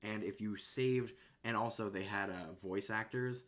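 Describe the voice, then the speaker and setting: Laid-back low-voiced male streamer. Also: steady tone, moderate pace, hardly any pauses. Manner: rambling, laid-back, trails off softly. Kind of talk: casual chat.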